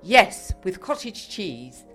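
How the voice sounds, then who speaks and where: A woman's voice: mid-range voice, big pitch swings, moderate pace, faint music behind, pitched above the performer's own voice, natural voice. A woman voicing a posh, fussy middle-aged mother who lectures firmly in a trilling voice. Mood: lecturing.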